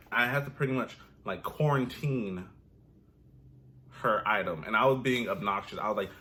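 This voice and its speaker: A man's voice: medium pitch, moderate pace. Young guy, sassy comedic rant, mid voice. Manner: animated, profane, sassy. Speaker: vlogger.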